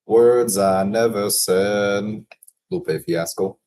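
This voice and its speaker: A man in a casual solo work session, thinking aloud and reading quotes slowly, chuckling to himself now and then. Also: lowish voice, steady tone, a little mellow, a little hiss or hum. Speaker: business consultant reading daily quotes.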